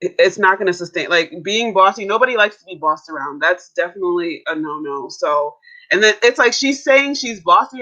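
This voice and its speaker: A woman joins the stream as a guest and shares her opinions with care. Her voice is bright and forward, though the audio comes through dull and lo-fi. She talks through her points in a casual way. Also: lively intonation, brisk. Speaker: guest commentator. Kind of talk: casual reality TV commentary. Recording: muffled low-quality audio.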